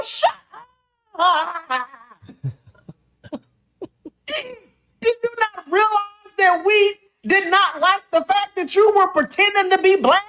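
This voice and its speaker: Very high-voiced woman ranting with scorn. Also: a bit bright, rough recording. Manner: scornful, repeats words, laughs between jabs. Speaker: online commentator in a played clip. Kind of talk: mocking rant.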